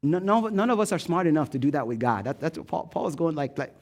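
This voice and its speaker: A male pastor with an American Midwest accent, preaching a sermon in a joking, animated storytelling way and asking the room for replies. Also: a little high, moderate pace, vocal fry. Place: church stage.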